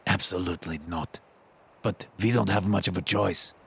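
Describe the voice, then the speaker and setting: A man doing a gruff old Russian man. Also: sits low, fairly even intonation, normal speed, a bit bright, heavily acted. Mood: earnest. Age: older. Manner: thick accented English, hearty and blunt. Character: older gray-bearded Russian man, cheerful survivor. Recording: narration over clear music.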